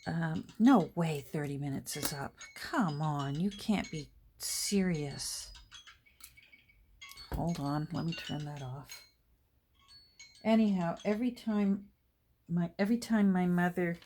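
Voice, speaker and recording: Middle-aged woman, lowish voice, chatty, rambling, soft murmured asides, casual crafting chatter. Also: slow, pauses often, a little hiss or hum. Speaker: junk journal crafter and vlogger. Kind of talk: casual chat while crafting.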